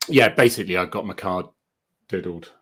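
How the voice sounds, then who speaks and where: Chatty, low-voiced man hosting a live chat. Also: brisk, fairly bright tone, slightly rough. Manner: chatty and self-deprecating, laughs often. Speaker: host.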